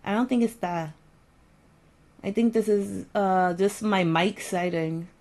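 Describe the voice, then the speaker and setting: A woman streamer talks casually to her chat in a mellow, warm-toned voice of middling pitch. She rambles and repeats herself, a little exasperated as she fiddles with her settings. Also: fairly even intonation, slow pace, rough recording. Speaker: live streamer.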